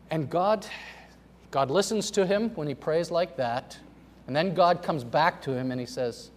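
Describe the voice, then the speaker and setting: A middle-aged man, a pastor, preaching a sermon in a storytelling way, swinging between loud emphasis and soft asides. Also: on the high side, a little slow, a little hiss or hum. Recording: long hall reverb.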